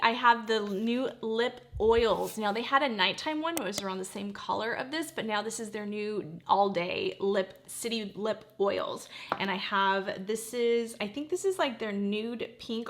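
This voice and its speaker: A woman's voice: medium pitch, fairly bright tone, a little hiss or hum. A woman in her forties chatting casually while doing her makeup, easily sidetracked and close to tears at times. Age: 40s. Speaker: beauty vlogger.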